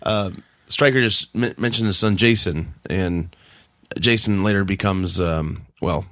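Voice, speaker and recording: A man's voice: low-pitched, unhurried, fairly bright tone, no room sound, studio quality. An American man co-hosting a movie commentary podcast, joking around, laughing and slipping into silly voices. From United States. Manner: jokey, laughing, drops into silly put-on voices. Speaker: podcast co-host.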